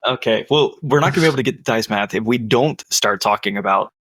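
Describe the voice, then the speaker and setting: A man's voice: on the low side, fast, a bit bright. A man co-hosting a tabletop gaming podcast in casual chat, asking questions with teasing, dry humor. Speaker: podcast co-host.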